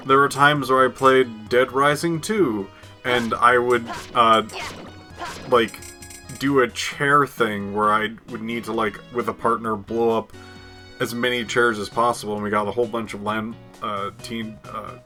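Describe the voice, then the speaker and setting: Bright-voiced man chatting in slow rambling fashion. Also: medium pitch. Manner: rambling, many fillers, laughs often. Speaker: co-host. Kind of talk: casual chat about video game glitches.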